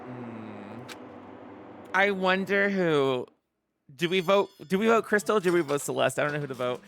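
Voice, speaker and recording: Excitable woman streamer, bright voice. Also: sits low, normal speed. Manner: excitable, laughs often, chatty with viewers. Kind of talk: casual live-stream commentary.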